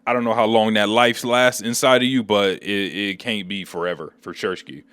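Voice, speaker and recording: A man's voice: lowish voice, steady tone, normal speed, fairly bright tone, clear, resonant tone, no room sound. A man hosting a casual comic book recap, telling the story in slangy, laid-back speech on a close mic.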